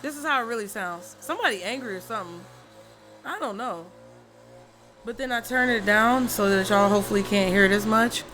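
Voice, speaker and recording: Chatting at home as she turns tarot cards, a woman swears freely and thinks out loud in a brisk, mid-range voice with a fairly bright tone. Soft music plays, and through an open window comes faint street and traffic noise.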